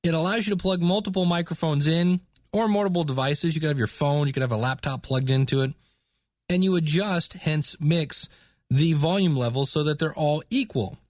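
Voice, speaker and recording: A man's voice: a little high, normal speed, dry recording, clean studio sound. A man hosting a podcast, explaining setup tips in a chatty, casual way. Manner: chatty, explanatory, with filler words. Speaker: podcast host.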